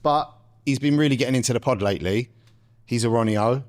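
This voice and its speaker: A young man, co-hosting a casual podcast and swearing freely in quick banter. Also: medium pitch. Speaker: podcast co-host.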